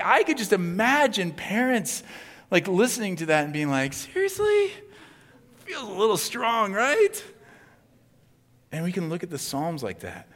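A man preaching a conversational sermon in a casual, chatty way, full of asides and quick "right?" checks with the congregation. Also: fairly high pitch, fairly bright tone. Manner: casual, chatty, many asides and tag questions. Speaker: pastor. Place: church sanctuary. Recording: long hall reverb.

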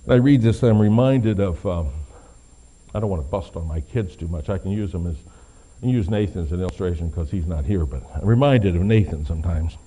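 A middle-aged man preaching a sermon as pastor, swinging from quiet, low passages to loud, emphatic ones. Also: a little fast, slightly rough.

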